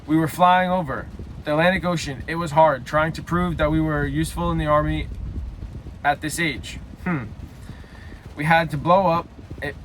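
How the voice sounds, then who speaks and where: A young man reading a story aloud haltingly, breaking off for loud self-mocking side comments. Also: fairly high pitch, fairly even intonation, a little hiss or hum. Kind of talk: casual read-aloud with joking asides.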